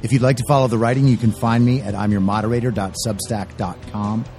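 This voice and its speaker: A man's voice: on the low side, fairly even intonation, fast, a little mellow, soft background music. A man hosting a political commentary podcast, talking in a blunt, emphatic and opinionated way into a close microphone. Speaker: podcast host.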